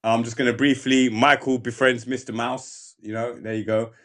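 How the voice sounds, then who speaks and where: A man's voice: mid-range voice, normal speed. A young man hosting a podcast, chatting casually and acting out lines from scenes as he retells them. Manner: animated storyteller, acts out quoted lines. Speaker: podcast host. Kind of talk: casual chat.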